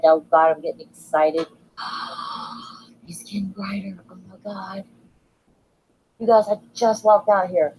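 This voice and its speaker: A woman filming her own vlog outdoors while walking her dog, full of awe, calling out in wonder and dropping into hushed whispers. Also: mid-range voice, slight background noise, low-quality recording. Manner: awed, exclaiming, drops to hushed whispers. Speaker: sky-watching vlogger. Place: outdoors under open sky, walking a dog.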